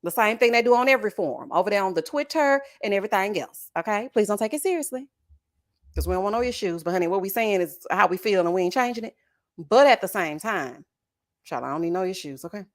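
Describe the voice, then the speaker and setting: A woman hosts a reality TV reaction show, chatting in a sassy way, laughing loudly, and calling her viewers honey and child. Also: mid-range voice, expressive, quick pace. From Texas. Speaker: host of a reality TV reaction channel. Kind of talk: casual reaction commentary.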